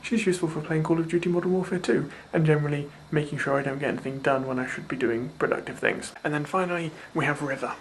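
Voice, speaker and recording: A young man talks straight to his viewers in a loose, meandering way. His voice sits a touch high, and he pokes fun at himself as he drifts from one thing to the next. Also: quick pace, gravelly, few pauses, slight background noise. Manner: rambling, offhand and self-mocking. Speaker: video blogger. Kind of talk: casual chat.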